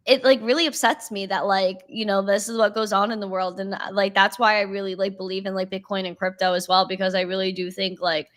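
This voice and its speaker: Young woman rambling casually, lots of "like", mid-pitched voice. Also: level tone, brisk, few pauses, fairly bright tone. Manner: rambling, lots of "like", laughs easily. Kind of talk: casual chat.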